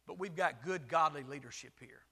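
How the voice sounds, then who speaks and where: A man's voice: fairly high pitch, moderate pace, sharp tone, slightly rough. A male pastor preaching a sermon in a folksy, self-deprecating style with jokes, in a church sanctuary. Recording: long hall reverb.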